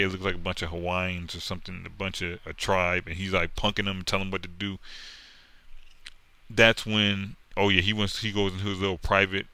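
Man, low voice, bright edge, profane animated rant, mocking, dry sound. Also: clear, resonant tone, dry recording. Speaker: comic book commentator. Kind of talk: casual rant.

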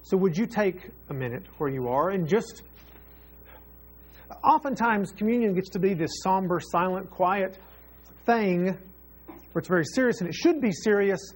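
Husky high-voiced male pastor preaching. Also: animated, a little slow, long pauses. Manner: earnest preaching, repeats phrases for emphasis. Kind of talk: sermon.

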